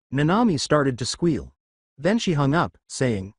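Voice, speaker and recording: A man narrating a fan fiction story with an expressive reading. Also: fairly high pitch, unhurried, husky, no room sound, studio quality.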